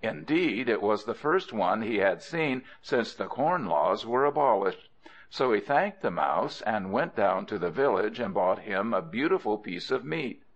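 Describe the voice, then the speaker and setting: Expressive low-voiced male storyteller. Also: measured pace. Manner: expressive, with playful asides to the listener. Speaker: audiobook narrator. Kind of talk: storybook narration. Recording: dull lo-fi audio.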